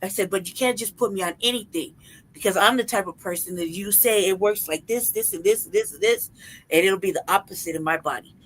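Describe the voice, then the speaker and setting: A woman's voice: medium pitch, fairly quick, poor audio. Profane, laughing woman telling stories. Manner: profane, animated storytelling with frequent laughter. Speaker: podcast co-host. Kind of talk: casual chat.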